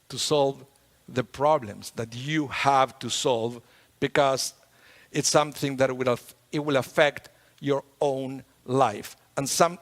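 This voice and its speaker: A man giving a sermon as a rabbi, talking in a conversational, lively way with playful humor. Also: a little high. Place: synagogue sanctuary. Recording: long hall reverb in a large sanctuary.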